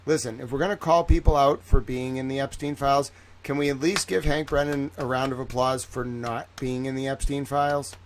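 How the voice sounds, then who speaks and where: A man's voice: mid-range voice, steady tone, brisk, a little hiss or hum. A man giving rambling, reactive commentary on a livestream, swearing freely.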